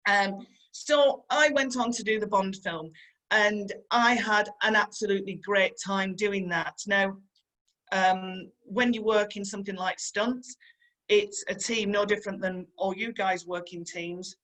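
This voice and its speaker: Speaking at a measured pace with a steady, slightly bright, medium-pitched voice, a middle-aged Yorkshire woman tells stories in a motivational talk drawn from her stunt work. The recording quality is low. She's chatty and earnest, going over her advice again and talking directly to the audience.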